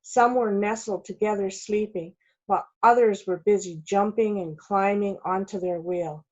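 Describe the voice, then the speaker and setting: A woman, a children's author, reading her storybook aloud slowly and carefully. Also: medium pitch, steady tone, darkish tone. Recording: dull lo-fi recording.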